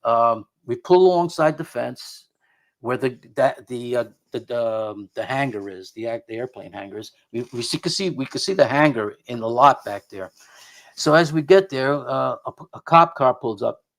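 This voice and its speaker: A man's voice: mid-range voice, expressive, normal speed, creaky. A middle-aged man, a paranormal investigator guest, telling a story in a rambling way, often repeating and restarting his words. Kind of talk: conversational storytelling.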